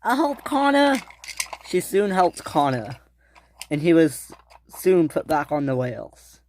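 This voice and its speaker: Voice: mid-range voice, measured pace, dark tone, slight background noise. Casual toy train story narrator. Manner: loose storytelling with restarts.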